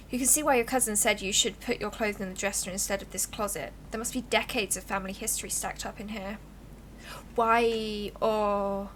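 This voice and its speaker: A woman streaming a visual novel, reading its narration aloud and breaking in with quick, animated asides. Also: mid-range voice, a little hiss or hum.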